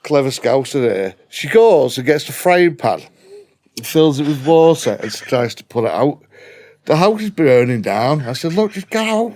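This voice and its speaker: A man's voice: mid-range voice, lively intonation, unhurried, a little mellow. A man with a broad Liverpool accent telling a profane, blunt anecdote in casual chat. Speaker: guest storyteller.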